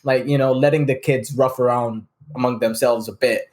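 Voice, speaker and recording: A woman's voice: rumbling low, steady tone, moderate pace, darkish tone. A woman co-hosting a podcast in casual chat, teasing with dry asides. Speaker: podcast co-host.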